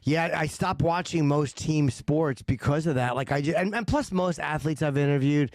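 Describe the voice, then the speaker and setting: A man's voice: fairly high pitch, moderate pace, dry recording, studio quality. A man talking as a podcast guest in casual, rambling, profane chat with many restarts.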